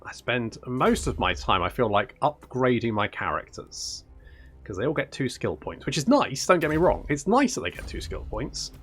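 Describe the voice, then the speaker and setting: Male let's-play host, bright and lively, unhurried, prone to sweary outbursts. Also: mid-range voice, faint music behind. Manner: excitable, swears freely, exasperated outbursts. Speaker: gaming channel host. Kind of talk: strategy game let's play commentary.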